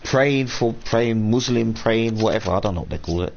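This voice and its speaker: Speaking at a normal speed in a fairly low, creaky voice, this man rants casually on a live stream, going on at length, rambling and cursing while loudly quoting others. The lo-fi stream audio sounds dull, with a faint hum in the room.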